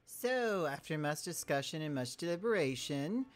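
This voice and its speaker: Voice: medium pitch, animated, moderate pace. Rambling, jokey gaming commentator. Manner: rambling, joking, self-interrupting. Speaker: Minecraft let's play creator.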